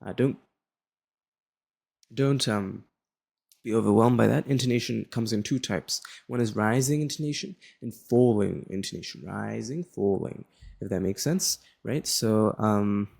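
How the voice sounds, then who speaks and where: Gravelly young tutor. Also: male voice, lowish voice, a little slow. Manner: relaxed, repeats "right?" and "uh" often. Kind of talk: casual explanatory lesson.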